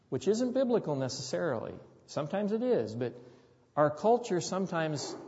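A man's voice: fairly high pitch, darkish tone. A man preaching a sermon, telling a story earnestly and often repeating his words. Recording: dull sound with long hall reverb.

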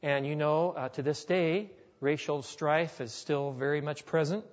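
A man's voice: a little high, fairly even intonation, unhurried. Male pastor preaching in an echoey hall. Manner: storytelling, folksy. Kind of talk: sermon. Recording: echoey hall, dull lo-fi sound.

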